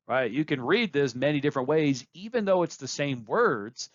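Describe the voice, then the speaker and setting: A man's voice: fairly high pitch, animated, normal speed, hardly any pauses, dry recording. Dry, dull-sounding male lecturer. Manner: plain, instructive, repeats phrases for emphasis. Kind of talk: recorded course lecture.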